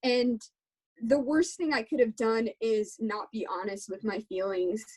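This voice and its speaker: A young adult woman talks candidly in an interview, her voice slightly higher than most. She speaks earnestly and from the heart, with a plain, conversational delivery. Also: steady tone, unhurried, a little mellow, slightly rough, low-quality recording. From Texas. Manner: earnest, heartfelt, faith-centered. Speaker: guest musician.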